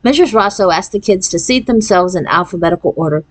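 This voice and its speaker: A woman narrating a children's novel aloud in a clear, steady storytelling manner. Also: on the low side, fast talker. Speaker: reader.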